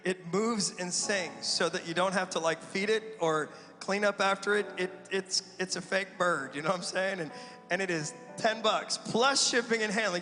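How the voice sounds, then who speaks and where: A man gives a lively, joking sermon in a church sanctuary, teasing the congregation between points. His voice sits high and bright. A long hall reverb and faint music hang behind him. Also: normal speed. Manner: joking, animated preacher with laughs and audience asides. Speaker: pastor.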